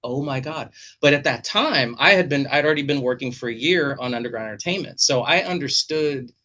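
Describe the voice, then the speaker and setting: A man hosts a relaxed chat over a video call. He tells stories animatedly and swears freely. His voice is bright and forceful, with a middle pitch. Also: fairly quick, muffled recording. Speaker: podcast host. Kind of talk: casual chat.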